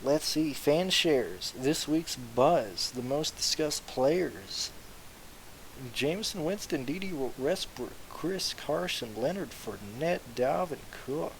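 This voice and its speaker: A young man casually streaming about fantasy sports, rambling, excitable and swearing freely. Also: a little high, vocal fry, low-quality recording. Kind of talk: casual live-stream chat. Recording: faint hiss.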